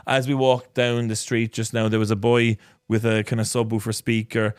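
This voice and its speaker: A man's voice: lowish voice, level tone, moderate pace, clear, resonant tone, dry recording, studio quality. A man co-hosting a podcast, telling stories with teasing, cheeky humour. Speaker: podcast co-host. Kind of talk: casual chat.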